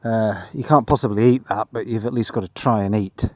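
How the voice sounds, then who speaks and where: A tired man on a long cycling trip, talking outdoors in a dry, self-deprecating monotone as a casual travel vlog. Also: on the low side, brisk, no echo. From Britain. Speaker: vlogger.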